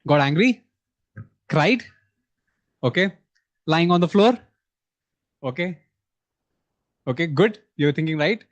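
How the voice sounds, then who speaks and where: A man's voice: on the high side, animated, slow, long pauses. A man giving a workshop talk to educators, asking the audience questions as he goes. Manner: engaging, asks the audience questions. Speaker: workshop speaker. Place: conference hall.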